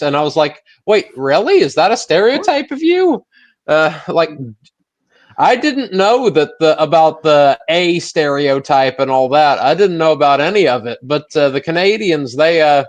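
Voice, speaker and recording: A man from the United States chatting casually in a rambling way, full of "uh" fillers. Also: fairly high pitch. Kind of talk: casual chat.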